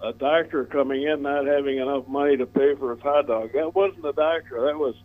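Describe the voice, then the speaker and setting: A man's voice: medium pitch, steady tone, brisk. Matter-of-fact man on a phone line. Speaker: caller. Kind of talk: casual phone-in chat.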